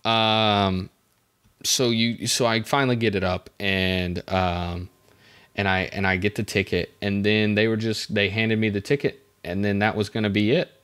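A man's voice: lowish voice, fairly even intonation, a little slow, a bit bright, smooth. A young man hosting a podcast, telling a story in a rambling, wry, self-interrupting way. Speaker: podcast host. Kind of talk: casual comedic storytelling.

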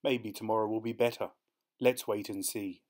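A man doing a gentle encouraging dad. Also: on the low side, fairly even intonation, moderate pace, lightly acted. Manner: gentle, encouraging, soft-spoken. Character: patient, gentle dad on a fishing trip. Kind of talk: storybook read-aloud.

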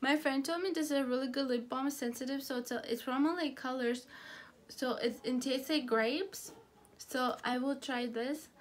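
High-voiced woman gushing over a haul. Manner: chatty, gushing, halting with restarts. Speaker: beauty haul vlogger. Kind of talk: casual product haul chat.

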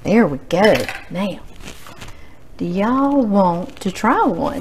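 A woman's voice: medium pitch, expressive, slow, a little mellow, a little hiss or hum, rough recording. A woman hosting a home cooking demonstration, chatty and folksy, talking straight to her viewers. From Louisiana. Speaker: cooking show host. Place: home kitchen.

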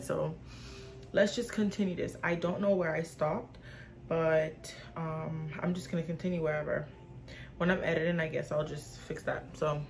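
A young Haitian/Bahamian woman in her twenties, with a low voice, chats casually in a Q&A vlog recorded on a phone camera. She rambles, using plenty of fillers and informal slang, and speaks to viewers as "y'all."

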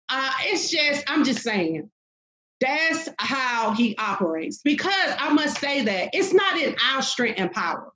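A woman's voice: high voice, very animated, a little slow, pushed and bright, rough recording. Fervent woman preaching in an interview. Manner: fervent, emphatic, dialect grammar, many um fillers. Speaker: podcast guest, minister. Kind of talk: preaching-style interview talk.

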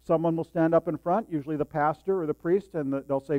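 A man's voice: a little high, a little fast, few pauses, warm tone, dry recording. Older male pastor preaching conversationally. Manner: conversational, asks the congregation questions. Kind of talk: sermon. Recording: dull lo-fi sound with mains hum.

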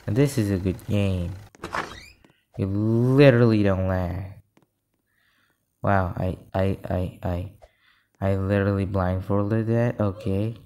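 A man giving live gameplay commentary, excitable and easily frustrated, often saying "literally". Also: sits low, slow, long pauses. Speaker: gaming video creator.

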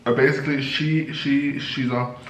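A young man vlogging while eating, telling a story in a lively way and acting out the people in it. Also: mid-range voice, moderate pace. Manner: animated, acts out the people in his story. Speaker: mukbang vlogger. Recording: echoey room, faint background noise.

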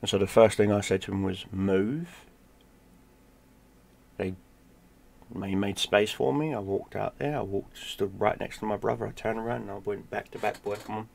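A middle-aged man with a low, gravelly voice tells a story in a blunt, casual way. He swears freely and drops to a hush at the tense parts. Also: fairly even intonation, fairly quick. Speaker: gaming streamer telling a personal story.

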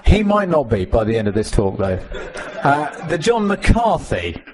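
A man giving a live conference tech talk with a demo, animated and joking, talking to the audience. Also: fairly high pitch, unhurried. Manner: animated, jokey, mimics others in voices. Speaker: conference speaker. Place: conference room.

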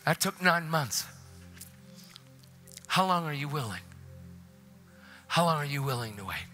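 A man preaching a passionate sermon in a church, often dropping into hushed whispers. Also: fairly high pitch, big pitch swings, unhurried, faint music behind. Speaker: guest preacher. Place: church, faint music behind.

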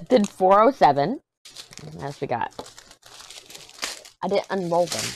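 A woman chatting casually and excitedly through a diamond painting unboxing. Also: lowish voice, normal speed, slight background noise. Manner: chatty, excited, hums while working. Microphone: desk mic.

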